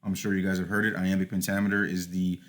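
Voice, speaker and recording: A man's voice: low voice, level tone, fast talker. A man teaching a class over slides, explaining step by step with frequent "all right" and "uh" fillers. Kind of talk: recorded lecture over slides.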